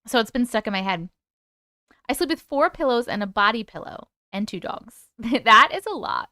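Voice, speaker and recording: High squeaky woman reading chat on a livestream, bright lively voice, dry close sound. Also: moderate pace, no room sound. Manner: bubbly, reads chat aloud and greets viewers. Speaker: host reading live chat. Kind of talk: casual live-stream chat.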